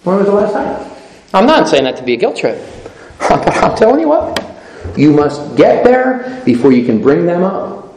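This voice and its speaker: An older man preaching a sermon as pastor in a church, animated, laughing often and asking rhetorical questions. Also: sits high, normal speed, roomy sound, a little hiss or hum, low-quality recording. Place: church sanctuary.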